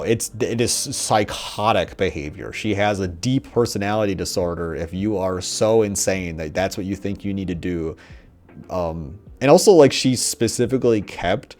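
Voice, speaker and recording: A young man giving rambling, profane, mocking commentary, often putting on quick voices of characters. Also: fairly low pitch, a little mellow, faint music behind. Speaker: commentator on a TV show. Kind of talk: casual ranting commentary.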